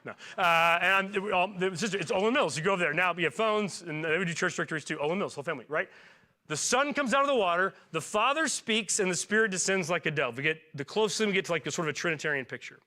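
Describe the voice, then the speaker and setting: A pastor in his forties preaching a sermon in a relaxed, conversational way. He jokes and asks the congregation questions. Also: sits high, rapid-fire, few pauses. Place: church.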